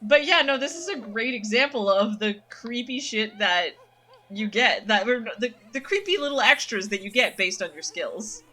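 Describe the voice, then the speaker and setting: A woman's voice: on the high side, animated, moderate pace, pushed and bright. A woman streaming a game, chatting casually and thinking aloud from her dim room at night. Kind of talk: casual let's-play commentary.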